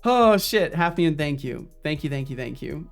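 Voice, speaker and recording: A man's voice: a little high, lively intonation, moderate pace, vocal fry, faint music behind. A man streaming as a solo game developer, chatting casually with viewers. He rambles, swears often and restarts his sentences a lot. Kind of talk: casual live-stream chat.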